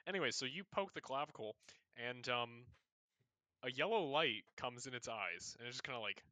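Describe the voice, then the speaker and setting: A man's voice: mid-range voice, lively intonation, moderate pace, bright, forceful tone, no echo. A man narrating as game master in a loose, casual way full of fillers.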